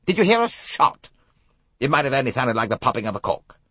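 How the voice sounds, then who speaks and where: A man voicing a cool, brisk older British officer who questions coldly. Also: medium pitch, big pitch swings, a bit bright, husky, no echo, pitched above the performer's own voice. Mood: questioning.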